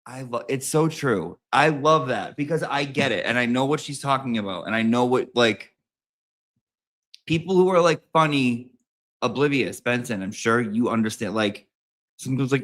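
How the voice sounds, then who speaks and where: A young man hosting a casual reaction commentary, campy and profane with jokey asides. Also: moderate pace. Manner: profane, campy, jokey, lively pitch swings. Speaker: commentary host.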